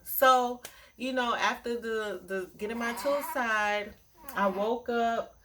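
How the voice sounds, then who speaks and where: A young adult woman vlogger telling a storytime in a chatty, animated way with playful asides. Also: a little high, takes it slowly, slight background noise. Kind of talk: casual storytime.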